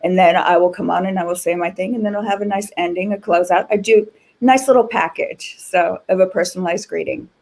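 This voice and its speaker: A woman's voice: on the low side, brisk, gravelly, few pauses, a little mellow. Bubbly woman guest. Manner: bubbly, self-deprecating, laughs easily. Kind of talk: casual livestream chat.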